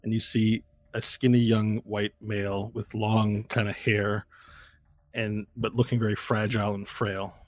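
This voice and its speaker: A man's voice: on the low side, little pitch movement, measured pace, no room sound. A man narrating a tabletop game as game master, describing scenes in vivid, rambling storytelling with restarts.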